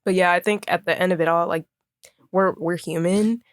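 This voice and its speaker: A woman's voice: fairly low pitch, fairly even intonation, normal speed, dry recording, studio quality. A young woman from Maryland, a fashion designer, chatting casually as a podcast guest and using lots of fillers. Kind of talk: casual conversation.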